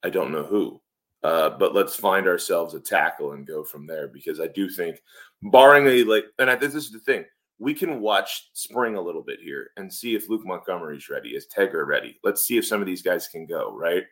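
A middle-aged man co-hosting a sports podcast, thinking aloud in a measured way with fillers. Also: low voice, animated, fairly bright tone. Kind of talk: casual sports talk.

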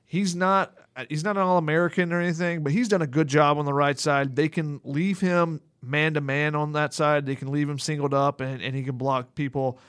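A man's voice: fairly high pitch, steady tone, normal speed, few pauses, a bit bright, clear, resonant tone, dry recording, clean studio sound. A man with a Southern American accent, co-hosting a casual sports podcast and breaking down the players with lots of "you know" fillers.

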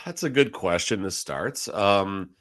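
Blunt low-voiced male podcast co-host. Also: animated, measured pace, a bit bright. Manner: opinionated, grumbling, blunt. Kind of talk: casual sports chat.

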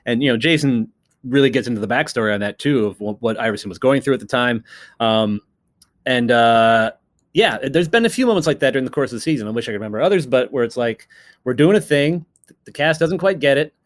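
A man's voice: mid-range voice, fast talker. A man, a co-creator and writer of a TV series, talking casually in an interview, rambling with fillers and restarts and sometimes acting out other people's voices. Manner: acts out quoted voices of others.

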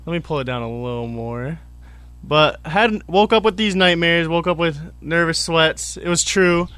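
Male producer on air, rambling and self-mocking, fairly high voice, dry studio sound. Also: moderate pace, fairly bright tone, clean tone, no room sound. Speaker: show producer. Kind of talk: casual chat on radio.

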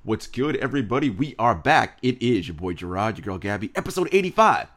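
A man hosting a casual sneaker podcast, laid-back and easygoing, but animated when he gets going. His voice sits a bit low. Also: fairly quick, faint music behind. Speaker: podcast host. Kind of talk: casual chat.

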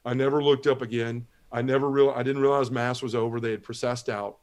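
A middle-aged man appears as a guest on a podcast talk show, giving an earnest personal testimony step by step. He speaks briskly in a steady, medium-pitched voice, uses Southern turns of phrase, and acts out the lines other people said.

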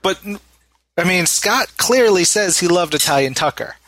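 A man's voice: sits high, moderate pace, a little hiss or hum. A man hosting a podcast, chatting casually and reading out listener messages with plenty of fillers. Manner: relaxed, chatty, many fillers. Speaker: podcast host.

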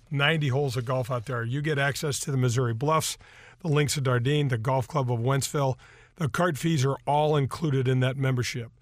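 In a radio studio, a man hosts a golf show, rambling casually with plenty of fillers and doing live sponsor reads. His medium-pitched voice is captured on a studio microphone with no room sound.

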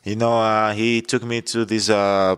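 A young man tells a personal story in an interview. He speaks earnestly and with emphasis. His voice sits a little low. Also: little pitch movement, a little slow, fairly bright tone, smooth. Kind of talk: interview recollection.

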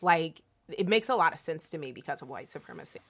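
A low-pitched woman from Delaware talks through her thoughts in relaxed conversation. She sounds reflective and laughs easily. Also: fast, breathy edge. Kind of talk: casual conversation.

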